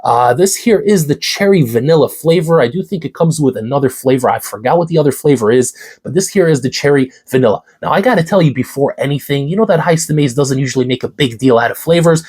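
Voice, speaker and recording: A man's voice: mid-range voice, fast, few pauses, breathy edge. A young man with a congested, worn-out voice, giving a hyped, casual review of a workout supplement in a vlog. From New York City. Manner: hyped, energetic, casual with slang. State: congested, hoarse voice.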